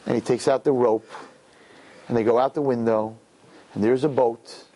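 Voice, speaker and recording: A man telling a parable in a sermon, animated and building to impassioned peaks. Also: mid-range voice, normal speed. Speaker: religious teacher. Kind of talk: sermon storytelling.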